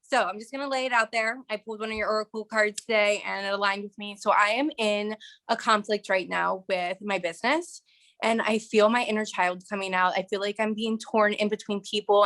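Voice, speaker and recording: A woman's voice: medium pitch, a bit bright. A woman calling in on a video call to ask for advice, speaking candidly and a bit scattered. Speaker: caller. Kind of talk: asking for advice.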